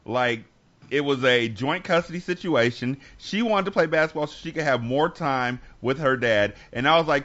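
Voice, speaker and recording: A man's voice: a little high, expressive, moderate pace, a bit bright, highs cut off. A man co-hosting a podcast, talking candidly and reflectively, often restarting his sentences. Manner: earnest, reflective, with many restarts. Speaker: podcast co-host. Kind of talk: candid conversational talk.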